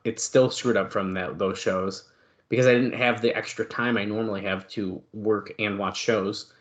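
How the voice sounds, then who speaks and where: A man's voice: fairly low pitch, a bit bright. A man co-hosting a wrestling podcast in casual chat, rambling with lots of fillers and poking fun at himself. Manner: rambling, filler-heavy, self-deprecating. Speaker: podcast co-host.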